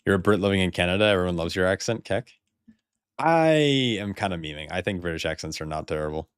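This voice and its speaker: A man's voice: deep voice, fast talker, clean tone, dry recording, clean studio sound. An American man rambling casually while streaming a game, swearing freely and laughing often. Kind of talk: casual live-stream chat.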